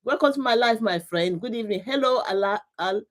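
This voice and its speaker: A middle-aged woman runs a live motivational talk as a coach and host, her voice fairly high and her pace fairly quick. She repeats herself for emphasis and laughs often as she says hello to viewers.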